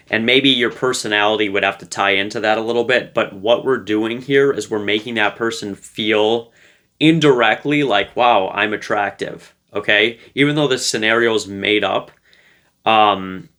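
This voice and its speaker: With a fairly low, pushed and bright voice, a man gives relationship advice to camera. He keeps it conversational, playful and light, packing his speech with fillers.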